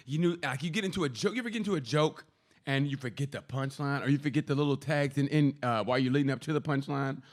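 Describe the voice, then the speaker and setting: A man co-hosting a comedy podcast, telling rambling stories in a casual chat. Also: medium pitch. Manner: animated storytelling, quick and rambling with laughs.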